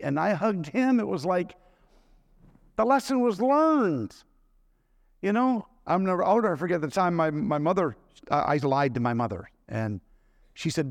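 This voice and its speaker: A man's voice: on the high side, no room sound, studio quality. A middle-aged man preaching a sermon, telling personal stories in a conversational way and asking the congregation questions.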